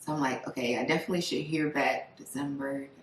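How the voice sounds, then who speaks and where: A woman in her twenties hosting a casual chat with friends, telling stories in an animated way and quoting herself. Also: a bass voice, fast talker, far from the mic, a little hiss or hum. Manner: animated storyteller, quotes herself. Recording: echoey room, a little off-mic.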